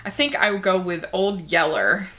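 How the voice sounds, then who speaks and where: A woman's voice: fairly low pitch, moderate pace, sharp tone. A young woman reviewing movies, chatting casually and enthusiastically as she answers a movie tag.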